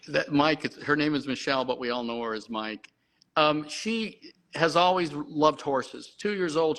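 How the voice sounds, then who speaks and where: A middle-aged man, a horse breeder and guest, telling a long story in an excited way and often restarting his sentences. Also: mid-range voice, rough recording. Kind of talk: animated storytelling.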